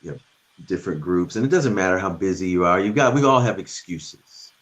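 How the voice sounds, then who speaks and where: Very low-voiced earnest man guest. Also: animated, a little fast, a bit bright. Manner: earnest, thoughtful, many restarts. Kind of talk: reflective conversation.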